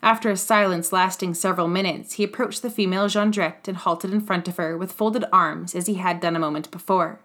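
A woman's voice: on the low side, fairly even intonation, a little fast, hardly any pauses, a bit bright. Woman narrating a classic novel. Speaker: audiobook narrator.

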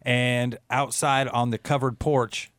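A man's voice: medium pitch, flat delivery, slow, a bit bright, no echo. A man in casual podcast chat who talks hesitantly with plenty of filler words. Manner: hesitant, lots of ums and likes.

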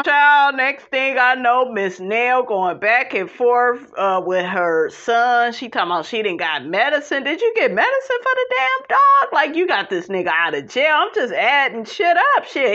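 A woman with a bright, forceful voice that swoops up and down as she tears through a reality show recap. She is sassy and blunt and swears freely, and the sound is a little dull and lo-fi. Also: a little high. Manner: sassy, blunt, profane, keeps calling the viewer "honey" and "child". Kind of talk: animated casual commentary.

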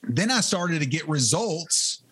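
A man's voice: a little high, big pitch swings, unhurried, a bit bright, slightly rough. Fervent man telling his story. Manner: earnest, fervent storytelling with frequent restarts. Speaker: interview guest, ministry leader. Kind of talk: testimony in conversation.

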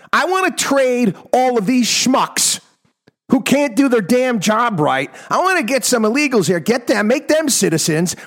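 Exasperated ranting male talk host. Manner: ranting, exasperated, swings from loud outbursts to low mutters. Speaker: radio talk show host. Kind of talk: opinionated monologue.

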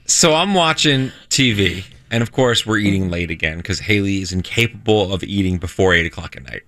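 A man with a bright, forceful voice tells his story on a radio talk show. He sounds petulant and self-righteous, and the recording is dry and close. He has a mid-range pitch. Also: lively intonation, fairly quick, no echo.

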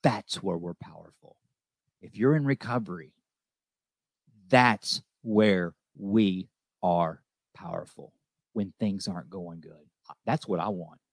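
A man's voice: sits low, takes it slowly, long pauses, dry recording. A man hosting a recovery show, speaking with emphatic conviction, repeating key lines and checking in with "okay?". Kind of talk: heartfelt recovery talk.

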